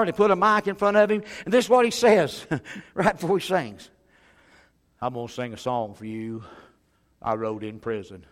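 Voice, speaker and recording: A middle-aged male preacher with a somewhat high voice tells funny stories from the pulpit. He stays animated and lively, chuckles at his own punchlines and keeps clearing his throat between them. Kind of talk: humorous sermon storytelling.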